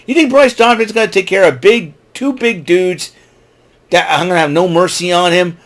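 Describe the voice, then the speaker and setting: A man's voice: high voice, normal speed. Guy doing a solo recap podcast, rambles on, pretty opinionated, pokes fun at folks. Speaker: podcast host. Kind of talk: casual solo show recap.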